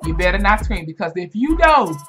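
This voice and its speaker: A young woman in her twenties chatting through a reaction video, swearing freely and swinging her pitch from low mutters up to high exclamations. Her voice sits at an ordinary middle pitch, with faint music playing softly behind her. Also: brisk. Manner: animated, profane storytelling with big pitch swings. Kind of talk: casual reaction commentary.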